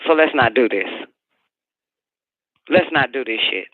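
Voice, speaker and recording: A man's voice: mid-range voice, expressive, unhurried, no room sound. A man voicing a furious woman who rants and curses scornfully at her partner, over a phone-like radio line. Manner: profane, shouting, scornful rant.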